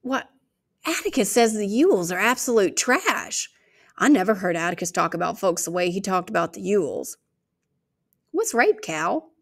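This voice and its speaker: A woman's voice: mid-range voice, big pitch swings, moderate pace. A woman reading aloud, voicing a curious, blunt young girl full of questions. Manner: inquisitive, eager.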